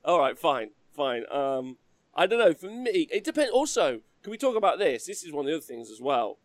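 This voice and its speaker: A man hosting a casual hobby livestream, chatty and quick to laugh as he reads out donations. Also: a little high, big pitch swings, dry recording. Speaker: livestream host.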